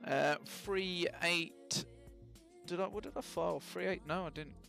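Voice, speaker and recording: A man's voice: high voice, a little slow, creaky, pushed and bright, soft background music. A man casually talking through his flight sim setup on a live stream, chatty and full of ums and self-mocking jokes.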